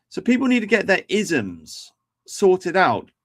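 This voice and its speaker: A man's voice: high-pitched, huge pitch swings, a little slow. A man hosting a livestream, talking in a rambling, profane way with lots of restarts. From England. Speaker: livestream host. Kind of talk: casual livestream commentary.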